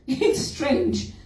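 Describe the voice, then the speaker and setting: Outspoken Zimbabwean woman in a roomy hall. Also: a little mellow. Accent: Zimbabwean, often heard as British. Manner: outspoken, emphatic, rhetorical questions. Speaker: HR professional. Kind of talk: personal talk to a group. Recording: roomy, distant mic.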